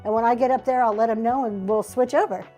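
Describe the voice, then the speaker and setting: A woman's voice: a little high, fairly even intonation, quick pace, mellow, faint music behind. A woman hosting a live online auction show, chatting casually and gushing over each vintage item as she shows it, with "um" and "y'all" along the way. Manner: says "y'all" and "um" often. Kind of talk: casual live-stream sales pitch.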